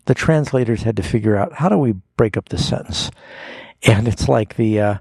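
A male radio pastor answers callers' Bible questions in a folksy, patient teaching manner. His voice is gravelly and mellow with a slightly husky edge. The studio sound is dry and close. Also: medium pitch, no room sound. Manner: explanatory, folksy, with homespun illustrations.

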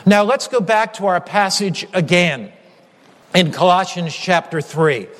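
Man, preacher, high voice, earnest, emphatic repetitions, long echo of a hall. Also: fairly bright tone. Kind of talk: sermon.

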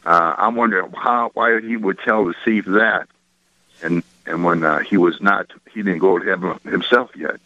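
Deep-voiced hesitant male caller on a phone line. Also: steady tone, sharp tone, no room sound. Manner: halting, many "uh" pauses, searching for words. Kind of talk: phone call to a radio show.

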